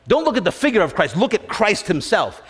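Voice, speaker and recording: A man's voice: high-pitched, big pitch swings, brisk, husky. A man preaching a sermon with emphatic repetition, often putting questions to the congregation. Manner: emphatic, repeats phrases, asks the congregation questions. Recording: long hall reverb.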